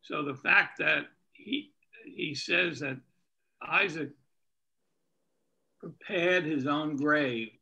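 A man's voice: a little high, very slow, long pauses, pushed and bright, muffled recording. A man taking part in a class discussion, eagerly making a point. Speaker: class participant.

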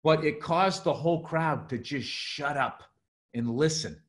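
Animated middle-aged man telling stories. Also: fairly high pitch, unhurried. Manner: animated storytelling, swearing, acts out quotes. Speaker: podcast co-host, comedian. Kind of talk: casual podcast chat.

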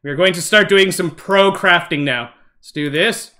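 High, bright-voiced excitable male gamer. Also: a little slow. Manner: excitable, easily startled, narrates every move; talks to viewers as "guys". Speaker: gaming channel host. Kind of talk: let's-play gaming commentary.

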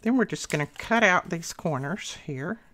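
A chatty woman walks viewers through a paper craft, talking as she cuts and glues. Her voice sits a little low, and she sounds slightly out of breath. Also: lively intonation, normal speed, a bit bright. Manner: chatty, talks to viewers while working. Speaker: craft channel host. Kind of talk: casual craft tutorial.

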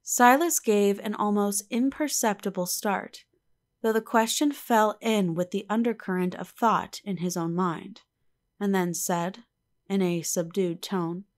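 A woman narrating a classic novel in a calm, measured way. Her voice sits at an ordinary middle pitch and the reading is steady and unhurried. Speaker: audiobook narrator. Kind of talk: scripted narration.

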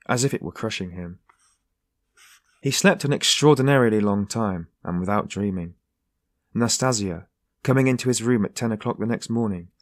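A man reading a classic novel aloud in a measured, even narration. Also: on the low side, no echo, clean studio sound. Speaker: audiobook narrator. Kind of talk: scripted narration.

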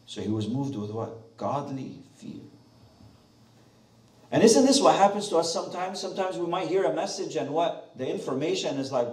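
Lively male preacher, questioning the congregation, mellow tone, roomy church, mic at a distance. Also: fairly high pitch, brisk. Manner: animated, asks the congregation questions. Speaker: pastor. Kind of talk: sermon. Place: church sanctuary.

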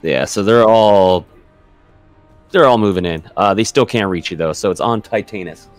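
A man's voice: deep voice, normal speed, soft background music. A man narrating a tabletop game as game master, easygoing and thinking aloud with fillers.

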